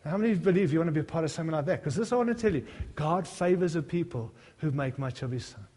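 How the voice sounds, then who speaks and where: Middle-aged guy preaching, high voice, jokey stories that build up to passionate appeals, big echoey church hall. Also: expressive, very fast, mellow. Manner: humorous, self-deprecating storytelling that builds to fervent appeals. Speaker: pastor. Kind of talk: sermon.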